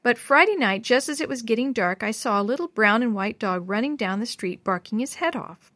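Kind neighbor lady, slow and gentle speech, as a woman reader puts her on. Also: fairly high pitch, expressive, no room sound.

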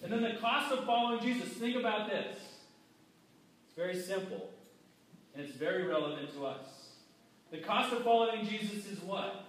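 A man's voice: sits high, expressive, normal speed, a bit bright. A man preaching a sermon in a conversational way, often acting out the people in his story. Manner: conversational, acts out quoted voices. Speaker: pastor. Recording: very echoey hall, mic far off.

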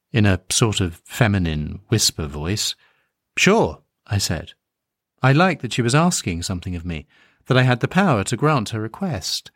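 A man reading a dark literary story aloud in a measured, wry manner. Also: fairly low pitch, dry recording, studio quality. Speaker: narrator.

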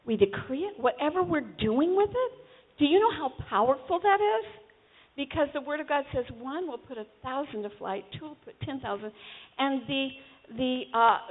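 Woman preacher, pretty high voice, chatty sermon, sounds like it's over a phone line. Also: breathy edge. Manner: conversational, exhorting the congregation.

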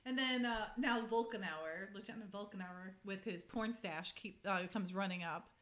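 A woman hosting a casual chat, recapping a TV episode in a lively, talkative way and laughing often. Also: mid-range voice, normal speed, slight background noise. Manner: chatty, laughs often, animated retelling. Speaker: podcast host.

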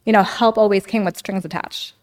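A young adult woman appears as a podcast guest, candidly telling her story in casual talk. Her medium-pitched, steady, darkish voice runs fairly quickly, and she often says "like" and "you know" while reenacting quotes.

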